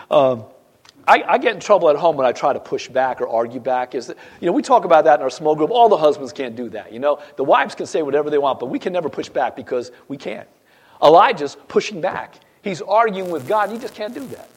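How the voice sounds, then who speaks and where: A middle-aged male pastor preaching a sermon, reading scripture dramatically with swings between loud and hushed delivery. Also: a little high, lively intonation, a little fast, husky.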